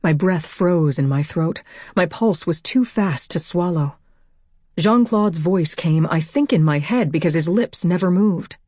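A woman narrating a first-person audiobook in a steady, measured way on a close mic. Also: lowish voice, dry recording.

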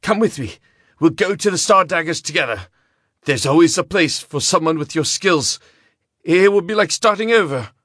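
A man's voice: fairly high pitch, animated, normal speed, fairly bright tone, dry recording, clean studio sound, voice pushed up. A man voicing an armed male gambler who taunts and then pleads in a story reading. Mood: pleading.

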